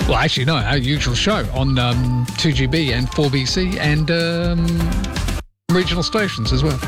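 A man with an Australian accent hosting overnight talkback radio, chatty and rambling, often poking fun at himself. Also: fairly high pitch. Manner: chatty, rambling, self-deprecating. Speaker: radio host. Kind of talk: late-night talkback radio.

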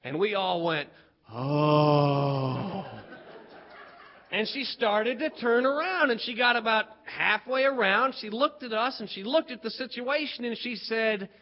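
A man from West Virginia performing a comic childhood story, animated and acting out the voices. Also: very high-pitched, normal speed, hardly any pauses. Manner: animated, acts out voices, builds to punchlines. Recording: dull lo-fi recording.

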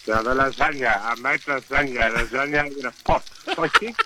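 A man's voice: mid-range voice, steady tone, a little fast, heavy background noise. A man with an Italian accent, a contestant on a radio quiz, speaking animatedly and repeating his words in broken phrases. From South Africa. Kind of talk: casual radio chat.

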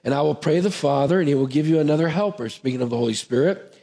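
A man's voice: on the high side, fast, mellow. A male pastor giving an earnest, conversational sermon, with frequent restarts and asides. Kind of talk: sermon teaching.

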